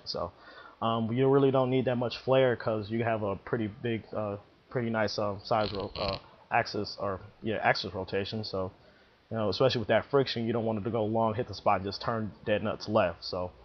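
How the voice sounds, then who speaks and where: Slangy man giving bowling advice. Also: lowish voice. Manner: slangy, emphatic, laid-back. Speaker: bowling vlogger. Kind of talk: casual advice talk. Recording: dull lo-fi recording.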